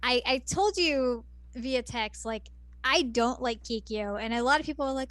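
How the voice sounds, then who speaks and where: A chatty woman with a fairly high voice talks casually and gives strong opinions. The sound is dry and close-miked. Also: normal speed, fairly bright tone, no echo. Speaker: podcast co-host. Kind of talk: casual recap chat.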